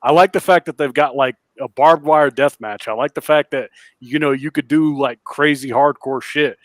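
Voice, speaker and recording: Male contributor, upbeat and crude, bright-ish pitch, dry mic. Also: moderate pace, no echo. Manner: enthusiastic, profane. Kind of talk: casual chat.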